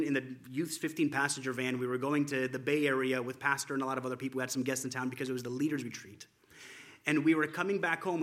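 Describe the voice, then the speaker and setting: A man with a forceful, bright tone gives an informal spoken tribute to friends. He tells loose, wandering stories over a slideshow and chuckles often as he goes. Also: on the high side. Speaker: church friend presenting a photo slideshow.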